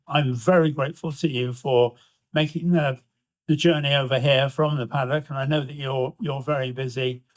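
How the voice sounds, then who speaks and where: A man hosting, interviewing a guest at an event and chatting on a podcast, with frequent warm stumbling restarts. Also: medium pitch. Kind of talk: stage interview, then casual chat.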